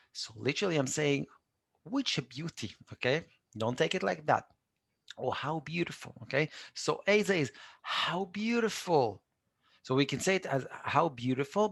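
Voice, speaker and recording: Male tutor, patient drilling style, gravelly tone, dead-dry room. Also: medium pitch. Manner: patient, repeats phrases for students to echo. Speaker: Hebrew teacher. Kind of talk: live online language lesson.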